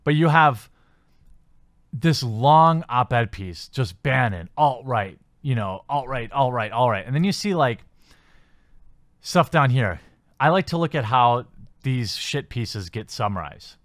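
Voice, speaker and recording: A man's voice: medium pitch, animated, slow, no room sound, studio quality. A man hosting a commentary channel, reading news articles aloud and picking them apart with sarcastic, skeptical remarks and many fillers.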